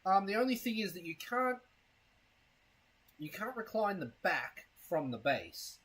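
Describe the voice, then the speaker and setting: A male live streamer with a husky, slightly raised voice chats in a loose, rambling way. He swears casually, mocks himself, and keeps getting hiccups. His talk is relaxed and unscripted, aimed straight at his viewers. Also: sits high, unhurried, low-quality recording. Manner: rambling, crude and self-mocking. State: has hiccups.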